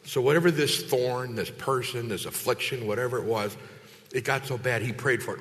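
A man preaching a sermon as a pastor, lively and conversational, acting out quoted voices with big jumps in pitch. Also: fairly quick. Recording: long hall reverb.

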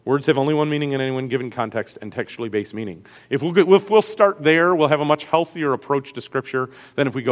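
Great Lakes pastor teaching, chatty. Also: male voice, medium pitch, fast talker, hardly any pauses, in a large hall. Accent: Great Lakes American. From US Great Lakes region. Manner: conversational, checks in with listeners often. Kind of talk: classroom teaching on Scripture.

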